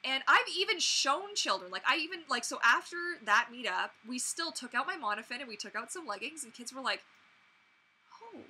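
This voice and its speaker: A young woman hosting a casual livestream, chatting to viewers in an animated way with many fillers and restarts. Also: high voice, brisk, hardly any pauses, low-quality recording. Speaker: mermaid performer and livestream host. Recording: faint background noise.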